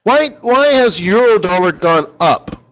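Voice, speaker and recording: A man's voice: sits high, expressive, measured pace, a bit bright, rough recording. A man leading a live forex strategy session, chatty and joking, talking straight to his viewers.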